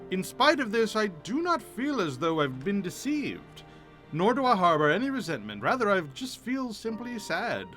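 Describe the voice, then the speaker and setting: Guy reading out an earnest adventurer lady, old-timey talk, bright lively voice. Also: sits high, normal speed, faint music behind, voice pushed up, full character voice. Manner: earnest, archaic read-aloud delivery. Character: earnest woman adventurer, old-fashioned sailor speech.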